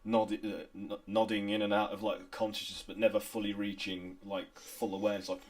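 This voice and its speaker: Low-voiced man running a tabletop game. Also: level tone. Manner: halting, many restarts and fillers. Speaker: game master. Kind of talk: improvised game narration.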